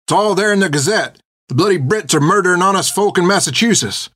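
A man voicing a frantic shouting horseback messenger. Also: sits high, expressive, fast, dry recording, clean studio sound, voice pushed up. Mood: frantic alarm. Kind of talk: audiobook character voice.

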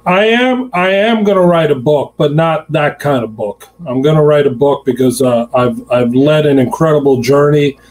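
A man hosting a show, talking in a relaxed, affectionate way and spinning anecdotes. His voice sits a little high for a man. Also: moderate pace, few pauses, poor audio. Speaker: radio show host. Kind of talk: casual chat.

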